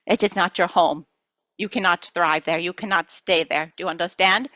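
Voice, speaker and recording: A woman's voice: lowish voice, steady tone, normal speed, no echo. A woman channeling a playful collective of star beings who teases and reassures listeners, calling them children. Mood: reassuring. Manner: addresses listeners as children, gently scolding. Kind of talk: channeling session.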